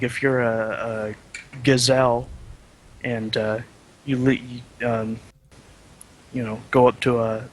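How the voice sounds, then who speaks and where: A man's voice: mid-range voice, fairly bright tone, low-quality recording. Hesitant male caller. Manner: hesitant, rambling. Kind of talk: call-in question.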